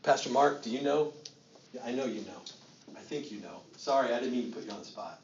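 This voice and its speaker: A middle-aged man preaches a teaching sermon in a conversational tone. He repeats phrases and tosses questions to the room. His voice has a mid pitch, and the recording sounds slightly muffled. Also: animated, fairly quick, a little hiss or hum. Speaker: pastor.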